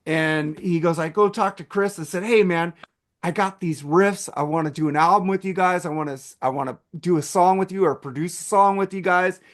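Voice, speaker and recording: High-voiced swearing podcast storyteller man. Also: fairly quick. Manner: animated storytelling, heavy swearing. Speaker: podcast host. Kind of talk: casual podcast chat.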